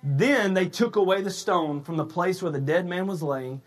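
A man preaching a sermon, shouting his emphatic points and then slipping into a loose, conversational retelling full of restarts. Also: sits high, normal speed. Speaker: pastor.

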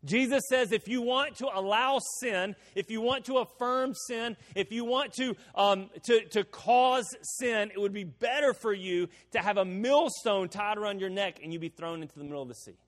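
A man preaching a sermon as pastor, his delivery swelling into sudden loud emphatic bursts. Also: high voice, moderate pace, hardly any pauses, in a large hall.

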